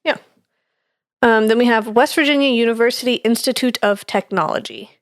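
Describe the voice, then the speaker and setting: A chatty woman co-hosting a podcast reads ghost notes from her research, speaking fairly quickly in a fairly high voice. The audio is clean studio sound with no room sound, and in this casual chat she uses fillers and laughs easily.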